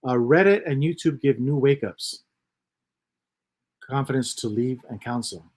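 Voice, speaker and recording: A man's voice: mid-range voice, a little slow, a little mellow. Rambling man hosting a livestream. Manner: rambling, repeats himself, drops to mutters. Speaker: livestream host reading chat comments. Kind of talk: casual livestream chat.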